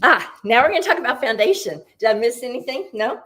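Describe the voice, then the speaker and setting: A woman's voice: fairly high pitch, sing-song, fast talker, fairly bright tone. A woman giving a casual, upbeat beauty tutorial as a consultant, chatty and explaining step by step, a little out of breath.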